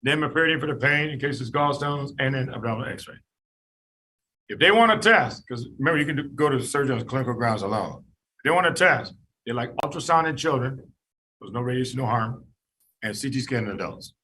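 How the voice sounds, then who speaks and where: A man lecturing a class on medicine, animated and jokey, quizzing students by name. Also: mid-range voice, fairly quick, slight background noise. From United States.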